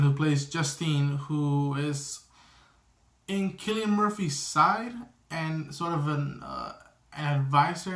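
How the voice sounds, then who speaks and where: Guy doing a loose movie review, kinda high voice, lots of ums and restarts, echoey room. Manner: rambling and excitable, many fillers and restarts, acts out quotes. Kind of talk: casual spoken film review.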